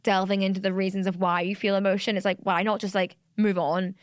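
A woman's voice: mid-range voice, flat delivery, fairly quick, dry recording, studio quality. Rambling, candid woman podcaster. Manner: rambling, candid, full of fillers and restarts. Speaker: podcast host. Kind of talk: solo confessional podcast monologue.

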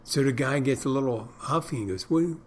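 A man's voice: mid-range voice, fairly quick, slight background noise. A middle-aged man hosting a podcast, rambling through stories and crude jokes in a casual monologue. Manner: meandering storyteller, tells crude jokes. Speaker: podcast host.

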